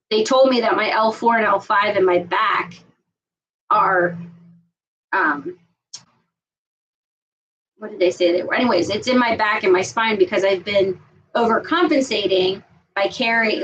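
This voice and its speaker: A woman's voice: mid-range voice, a little slow, long pauses, fairly bright tone, distant mic, dull audio. A mother in her thirties co-hosting a podcast, chatting casually and earnestly with lots of fillers and restarts. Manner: rambling, filler-heavy, earnest. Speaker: podcast co-host. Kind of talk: casual chat.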